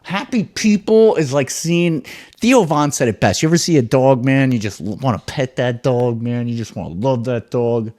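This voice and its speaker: A man hosting his own podcast, ranting solo in an excitable, profane, rambling way. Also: mid-range voice, normal speed. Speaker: podcast host.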